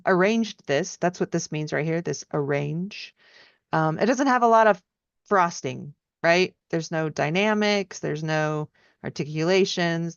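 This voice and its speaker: A woman's voice: lowish voice, no room sound. A woman teaching piano, giving friendly feedback and singing phrases out in syllables to show how they go. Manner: encouraging, sings melodies out in syllables. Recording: dry, dull lo-fi sound.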